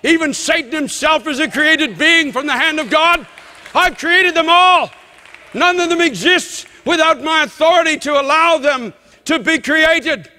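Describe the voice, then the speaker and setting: A male pastor preaches with fervent, shouted conviction. His voice sits very high and bright, and it rings out with long reverb through a large church. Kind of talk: sermon.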